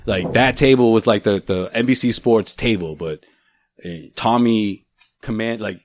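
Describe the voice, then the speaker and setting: A man's voice: on the low side, unhurried, slight background noise. A man co-hosting a podcast, telling rambling stories and acting out quotes in a casual chat. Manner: rambling storyteller, laughs often, acts out quotes. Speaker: podcast co-host.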